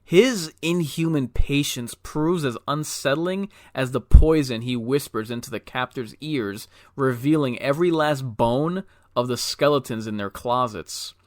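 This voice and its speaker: A man's voice: mid-range voice, a little slow, no room sound. A man reading a scripted film review with dry, wry humor.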